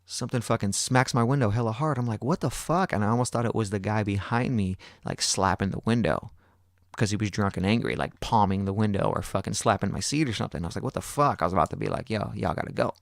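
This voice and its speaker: A man's voice: lowish voice, fast talker, gravelly, no echo, studio quality. A man hosting a podcast, telling a long story casually, swearing a lot and acting out other people's lines. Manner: profane, animated, acts out other people's lines. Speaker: podcast host.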